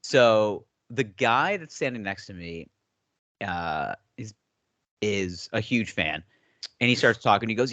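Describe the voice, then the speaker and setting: A man's voice: fairly low pitch, normal speed, fairly bright tone, no room sound. A young man co-hosting a podcast, telling rambling stories and acting out what people said. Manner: rambling storyteller, acts out quotes. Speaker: podcast co-host. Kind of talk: casual chat.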